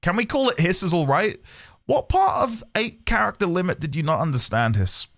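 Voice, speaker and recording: Playful animated man narrating gameplay. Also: high voice, normal speed. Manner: playful, joking, bursts of laughter. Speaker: streamer playing a game. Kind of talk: casual let's-play commentary.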